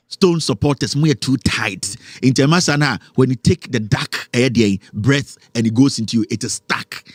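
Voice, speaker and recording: Animated Ghanaian man hosting a talk show. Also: medium pitch, moderate pace, hardly any pauses, dry recording, clean studio sound. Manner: mocking, preachy, mixes English with Twi. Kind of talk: animated commentary.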